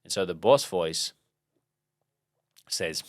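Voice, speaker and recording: Deep-voiced man telling a story. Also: moderate pace, a bit bright, dry recording, clean studio sound. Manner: rambling, storytelling with many fillers and restarts. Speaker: podcast host. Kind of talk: casual motivational monologue.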